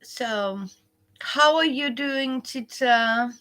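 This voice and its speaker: A woman hosting a casual home craft livestream, chatting with viewers in a rambling way with many restarts and soft whispered asides. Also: high-pitched, drawn-out words. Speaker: quilting livestream host. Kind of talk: casual live chat with viewers. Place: indoors at home, living room.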